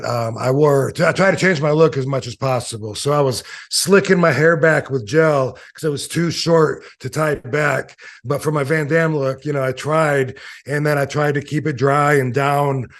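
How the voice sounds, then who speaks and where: A man in his fifties, an interview guest and former wrestler, telling long casual stories with many fillers and acting out the voices of people he quotes. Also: mid-range voice. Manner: rambling anecdotes with many fillers.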